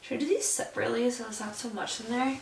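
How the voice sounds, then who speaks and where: A young woman vlogging casually at home while doing chores, chatty and full of likes, often dropping to a soft whisper. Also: fairly high pitch, quick pace, vocal fry, very noisy. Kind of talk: casual vlog chat.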